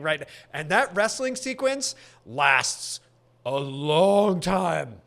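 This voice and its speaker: Excited man rambling about a cult film. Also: fairly high pitch, drawn-out words, gravelly. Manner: animated, rambling, laughs often. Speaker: podcast co-host. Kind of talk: casual movie chat.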